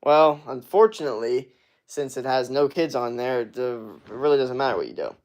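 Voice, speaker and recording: Profane, blunt fitness coach ranting. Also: male voice, medium pitch, expressive, fairly quick, darkish tone. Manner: profane, blunt, aggressive ranting with many fillers. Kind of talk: livestream rant answering chat.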